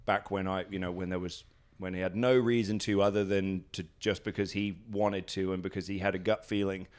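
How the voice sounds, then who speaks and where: A man's voice: sits low, level tone, a little fast, darkish tone. A British man talking at home in an interview, rambling with lots of fillers and acting out what people said. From Britain. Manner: rambling, many fillers and restarts, acts out quotes. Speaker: guest, professional wrestler. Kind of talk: casual interview storytelling. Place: at his house.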